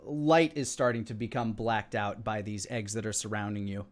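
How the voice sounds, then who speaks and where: A man's voice: lowish voice, fairly even intonation, moderate pace. A man narrating a tabletop game as dungeon master, describing scenes with frequent fillers.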